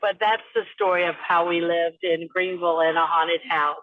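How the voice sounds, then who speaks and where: A woman's voice: lowish voice, fairly even intonation, moderate pace, a crowd in the background. A woman phones in her haunted-house story and acts out the voices of the people in it. The line sounds dull and muffled. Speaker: caller.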